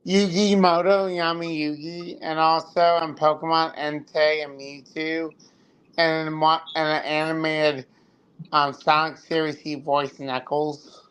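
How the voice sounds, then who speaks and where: A man chatting casually on a live stream as a guest, talking slowly with a halting manner and frequent fillers. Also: fairly high pitch, flat delivery, fairly bright tone, smooth. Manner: slow and halting, many fillers. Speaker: guest Funko collector. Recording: noisy background.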